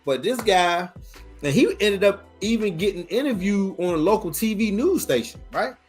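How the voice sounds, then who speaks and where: Brief: forties male podcast host, lively swooping delivery, cusses freely, exasperated commentary. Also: high voice, normal speed, husky, faint music behind. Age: 40s. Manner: profane, exasperated, animated.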